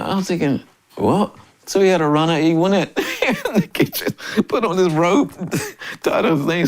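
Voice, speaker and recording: An older man in his sixties from Memphis, a drummer and interview guest, telling stories in a lively way, often laughing and acting out other people's lines. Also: sits high, gravelly. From Memphis, USA. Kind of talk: casual storytelling interview.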